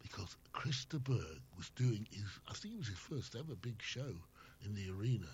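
A man's voice: lowish voice, lively intonation, normal speed, a little mellow. An older man, a former radio host, chatting as an interview guest and telling rambling anecdotes. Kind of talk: casual chat. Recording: slightly muffled with faint noise.

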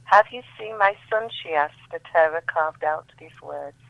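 A woman's voice: sits low, moderate pace, creaky, no room sound. Woman reciting poetry over a phone. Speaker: guest poet. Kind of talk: reading her own poetry aloud. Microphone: telephone. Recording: tinny dry phone line.

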